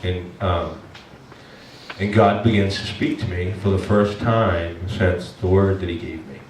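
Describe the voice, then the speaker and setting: A male pastor telling a personal story in a sermon, animated and emotional, with many restarts. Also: deep voice, a little slow, distant mic, a little hiss or hum. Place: church sanctuary. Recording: echoey church room from afar.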